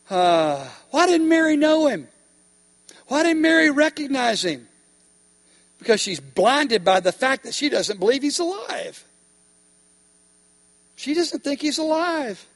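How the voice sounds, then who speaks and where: A man preaching a sermon with emphatic delivery, pausing to ask the congregation questions. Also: extremely high pitch, sing-song. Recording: long hall reverb.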